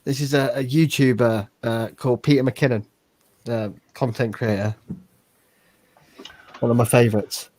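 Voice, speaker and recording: A man's voice: mid-range voice, fairly even intonation, moderate pace, long pauses, a little mellow, no room sound. Man with a dry close voice. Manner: chatty, showing off items, says "mate". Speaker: podcast co-host. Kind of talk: casual live-stream banter.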